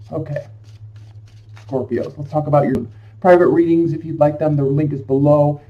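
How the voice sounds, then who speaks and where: Chatty, effusive male tarot reader, distant. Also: fairly high pitch. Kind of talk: casual tarot reading to camera. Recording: distant, dull lo-fi sound.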